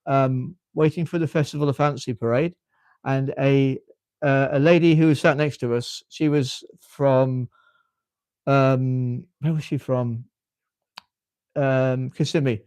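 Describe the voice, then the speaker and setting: This livestream host is a British man in his fifties from the UK whose well-spoken accent carries a casual chat, though he frequently stops to repeat words. He speaks slowly at a mid-range pitch, steady, slightly mellow, clear and resonant, with no room sound.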